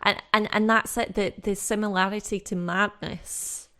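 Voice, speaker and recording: A woman's voice: mid-range voice, fairly even intonation, moderate pace, sharp tone. A woman from Britain co-hosting a podcast, talking thoughtfully in casual discussion with frequent fillers and restarts. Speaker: podcast co-host.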